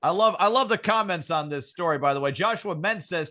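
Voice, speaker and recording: A man's voice: high voice, lively intonation, a little fast, bright, forceful tone. A man co-hosting a podcast, joking crudely and acting out quoted voices in casual banter. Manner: joking, acts out quoted voices, swears freely. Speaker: podcast co-host.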